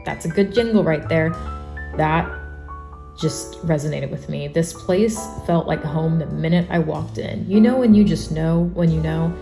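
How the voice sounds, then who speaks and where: Woman in her 20s, low voice, dramatic playful vlog voice-over, loud music underneath. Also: unhurried, creaky. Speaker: YouTube vlogger.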